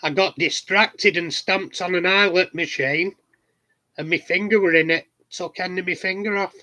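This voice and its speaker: Speaking at a normal pace in a high, bright, pushed voice, a middle-aged Yorkshireman answers his viewers from his garden shed. He's a hobbyist vlogger, keeping things casual with cheeky anecdotes.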